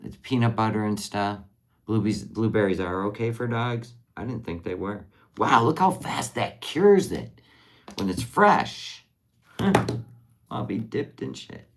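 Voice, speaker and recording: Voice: medium pitch, expressive, a little slow, slight background noise. Casual live-stream chatter, rambling, talks to viewers, crafting at a desk. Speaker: livestream crafter.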